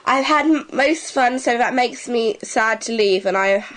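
Brief: chatty Isle of Wight woman, fairly high voice, casual podcast co-host. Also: moderate pace, fairly bright tone, low-quality recording. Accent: Isle of Wight English. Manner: chatty, interrupting, reads with stumbles.

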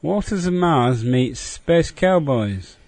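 A man's voice: on the high side, animated, slow pace, darkish tone, no echo. A man reading his own recorded review with a dry, mocking tone. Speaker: listener sending recorded feedback. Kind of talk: read-out spoken review.

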